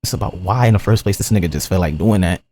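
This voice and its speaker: Brief: male streamer, low voice, quick, blunt, profane reaction commentary. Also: warm tone. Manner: blunt, profane, impatient remarks. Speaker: livestream host reacting to a video.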